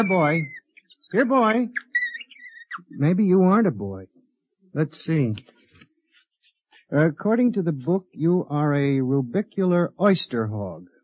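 An actor playing a hapless young lawyer who hesitates and gets flustered, in a muffled vintage radio drama recording. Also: male voice, on the high side, darkish tone, breathy edge, no echo, full character voice. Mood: excited. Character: hapless young male lawyer, nervous and eager. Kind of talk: 1950s radio drama acting.

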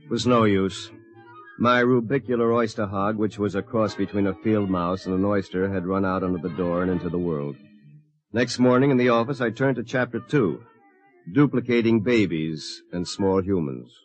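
An actor narrating as a wry young lawyer in first person, in a muffled vintage radio drama recording with faint music behind. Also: male voice, lowish voice, normal speed, natural voice. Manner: wry, dry storytelling. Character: wry young male lawyer telling his story.

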